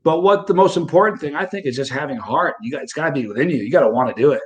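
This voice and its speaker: A man speaking as a guest in a casual interview, relaxed and conversational, often restarting sentences. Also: fairly high pitch, rapid-fire. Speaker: interview guest, hot-sauce eater.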